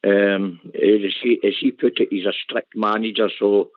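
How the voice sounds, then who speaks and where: A Scottish man on a call-in show speaks in a plain, measured way. His voice is low, and it comes over a thin phone-like line with no room sound. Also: fairly even intonation, dry recording. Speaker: caller. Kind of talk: casual chat on a call-in show.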